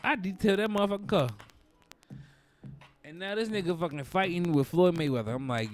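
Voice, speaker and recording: A young man with a Baltimore accent and a somewhat high-pitched voice rambles through a casual podcast monologue. He tells stories in a lively, profane way and now and then bursts out loudly. Faint music plays behind him. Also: fairly quick, pauses often. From Baltimore, USA. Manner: animated, profane storytelling with loud outbursts. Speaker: podcast host.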